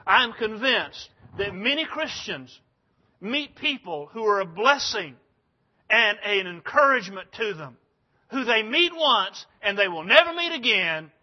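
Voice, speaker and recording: High-voiced older preacher. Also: male voice, sing-song, unhurried. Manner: folksy, rambling, emphatic. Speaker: pastor. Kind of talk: sermon. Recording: dull lo-fi sound.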